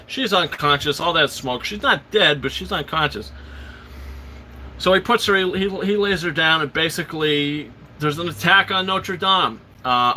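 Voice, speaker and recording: Host, man, eager rambling film recap; sharp, bright tone, slightly high pitch. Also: slight background noise. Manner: excited, rambling retelling full of fillers and restarts; quotes characters in passing. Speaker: host of a live show. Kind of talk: casual film recap on a livestream.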